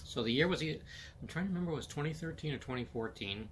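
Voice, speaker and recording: Middle-aged male podcast host, bright, forward voice, loose rambling delivery, faint hiss behind. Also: on the high side, expressive, quick pace. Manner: rambling, filler-heavy, repeats words. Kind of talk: casual solo sports chat.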